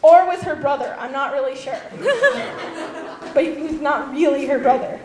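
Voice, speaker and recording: A woman in casual chat who giggles often and acts out quotes in a higher voice. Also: animated, measured pace, crowd noise. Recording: roomy echo, faint background noise.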